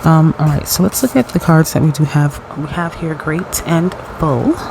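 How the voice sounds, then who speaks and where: A man giving a casual pick-a-card tarot reading at home at night, chatty and excitable, laughing often and restarting his sentences. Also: fairly high pitch, moderate pace, vocal fry, background noise. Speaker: tarot reader. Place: home at night in dim lighting.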